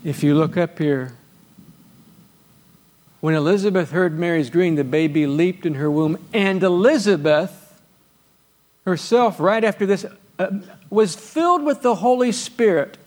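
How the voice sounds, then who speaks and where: Man preaching, high-pitched, asks questions of the congregation, climbs loud on scripture readings. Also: measured pace, pauses often. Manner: rises to loud exclaiming when reading scripture. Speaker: pastor. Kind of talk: sermon.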